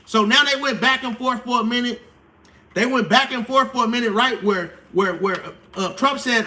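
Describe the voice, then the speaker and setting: A man, hosting a casual live stream explainer, slangy and animated, acting out quotes. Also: extremely high pitch, normal speed.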